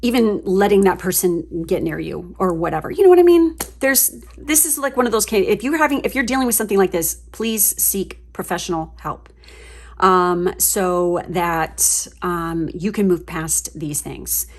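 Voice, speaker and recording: A woman giving a casual tarot reading to her viewers, chatty and gushing, swearing freely as she gets excited. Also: lowish voice, moderate pace. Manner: chatty, with fillers and trailing asides. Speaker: tarot reader.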